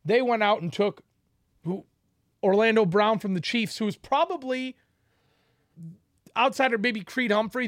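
High-voiced man breaking down football. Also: no room sound, clean studio sound. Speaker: sports podcast co-host. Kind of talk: casual sports debate.

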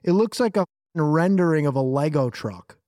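A man's voice: a little high, animated, moderate pace, a little mellow, no room sound, clean studio sound. A man co-hosting a casual podcast, teasing and sarcastic, often laughing at his friend. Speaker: podcast co-host. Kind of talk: casual banter.

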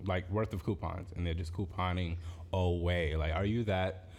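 Deep-voiced, teasing radio co-host man. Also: fairly even intonation, normal speed, darkish tone. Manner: teasing, jokey, laughs often. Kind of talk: casual radio banter.

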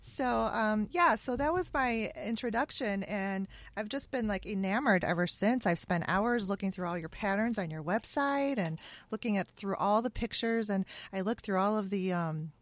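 A woman's voice: medium pitch, lively intonation, normal speed, hardly any pauses, no room sound. A woman hosting a casual interview, enthusiastic and chatty, often saying "um" and "yeah".

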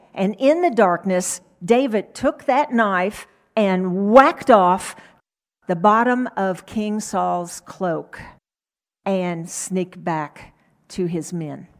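A middle-aged woman telling a Bible story in a gentle, unhurried storytelling sermon. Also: medium pitch.

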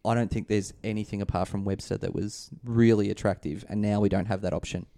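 A man with a fairly low voice hosts a relaxed chat. He leads the talk and drops in quick jokes between points. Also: gravelly. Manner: chatty, leads the discussion, jokey asides. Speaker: podcast host. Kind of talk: casual fantasy sports chat.

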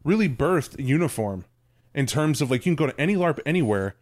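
A man's voice: fairly high pitch, sing-song, a little fast, darkish tone. A man co-hosting a podcast, telling a funny anecdote in casual chat, laughing and swearing. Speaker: podcast co-host.

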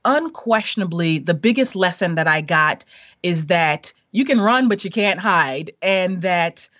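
A middle-aged woman, a podcast guest, telling a lively personal money story with frequent laughs and acted-out quotes. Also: on the low side, unhurried, no room sound, lo-fi sound. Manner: animated storyteller, laughs often, acts out quoted voices. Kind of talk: conversational storytelling interview.

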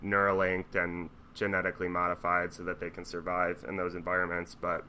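A man's voice: deep voice, fairly quick, a little hiss or hum. A man co-hosting a casual podcast chat, talking emphatically and swearing as he makes his points. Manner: animated, emphatic, swears, laughs often. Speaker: podcast co-host.

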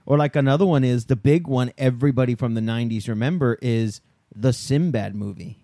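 A man's voice: medium pitch, a little fast, warm tone, no echo, clean studio sound. A man in his thirties co-hosting a casual chat, swearing loosely and laughing often. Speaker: podcast co-host.

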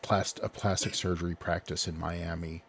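A man co-hosting a podcast, telling a story in a rambling, halting casual chat. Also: sits low, level tone, creaky. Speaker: podcast co-host.

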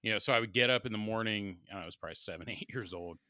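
Bright-voiced man chatting in a halting way. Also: fairly low pitch, dry recording, clean studio sound. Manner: hesitant, laughing, with halting restarts. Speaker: podcast co-host. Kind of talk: casual chat.

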